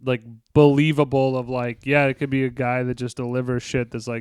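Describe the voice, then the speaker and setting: Podcast guy w a smooth clear voice, dry mic, keeps doing quotes from the movie. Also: mid-range voice, a little fast, dry recording. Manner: animated, acts out movie quotes. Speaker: podcast co-host. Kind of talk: casual movie review chat.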